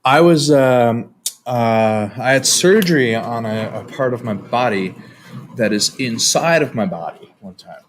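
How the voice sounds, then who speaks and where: A man's voice: mid-range voice, expressive, a little slow. A middle-aged man co-hosting a casual talk show, telling loose, profane stories and laughing along. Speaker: co-host. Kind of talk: crude comedic casual chat.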